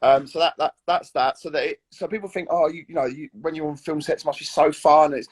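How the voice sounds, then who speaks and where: A British man in his thirties chatting as an actor guest in an interview, animated and full of acted-out quotes. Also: fairly high pitch, a little fast, slightly rough. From Britain. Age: 30s. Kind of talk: casual interview chat.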